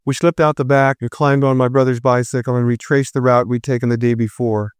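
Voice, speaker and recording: A man narrating a first-person story in a steady, measured reading voice. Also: mid-range voice, smooth, no room sound, studio quality.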